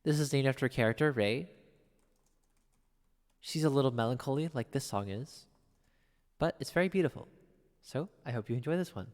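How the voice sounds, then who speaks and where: A man streaming piano requests, chatting casually and wryly with his chat in a soft, drifting way. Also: brisk, long pauses, long reverb tail. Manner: chatty, wry, drifts soft and low between songs.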